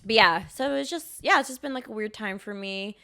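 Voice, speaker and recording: Bright, crisp young woman podcaster. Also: medium pitch, fairly quick. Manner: chatty, sarcastic, lots of "like" fillers. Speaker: podcast co-host. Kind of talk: casual chat.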